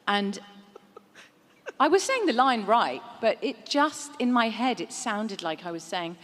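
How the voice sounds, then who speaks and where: A woman actor on a fan-convention panel, speaking earnestly with halting restarts and laughing as she tells stories. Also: a little high, animated. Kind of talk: reflective panel talk. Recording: reverberant convention hall.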